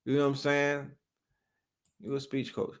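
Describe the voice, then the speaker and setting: A man from New York hosts a casual livestream and chats about hip hop. He talks in loose street slang and reacts to what the chat says. His voice sits at a middle pitch for a man. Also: completely flat delivery, moderate pace. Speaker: livestream host.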